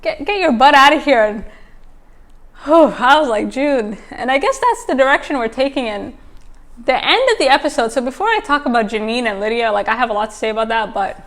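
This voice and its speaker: A woman talking casually as she recaps and reviews a TV episode, full of fillers and quick asides. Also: a little high, expressive. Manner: chatty, filler-heavy, exclaims. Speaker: TV recap host.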